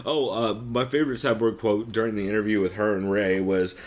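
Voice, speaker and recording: A man's voice: fairly low pitch, fairly even intonation, brisk. A young man hosting a podcast, recapping another show in a rambling, profane, exasperated way. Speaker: podcast host.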